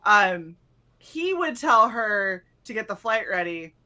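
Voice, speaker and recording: Bright-voiced woman telling boot camp stories. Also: mid-range voice, takes it slowly. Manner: profane, animated, acts out drill instructors in a loud mock voice. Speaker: stream co-host. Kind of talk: casual chat, swapping basic training stories.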